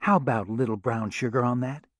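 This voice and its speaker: A man voicing a warm, flirty middle-aged waitress at a truck stop, with a Southern accent and a coaxing, motherly manner. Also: mid-range voice, quick pace, no room sound, lightly acted. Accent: American Southern. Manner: coaxing, motherly, calls people honey.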